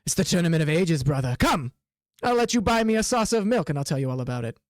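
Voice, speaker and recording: A man voicing a smug, sly male cat who calls himself ancient and dangerous, in a slow, low, purring drawl. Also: sing-song, no room sound. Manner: slow purring drawl, lower than his own voice.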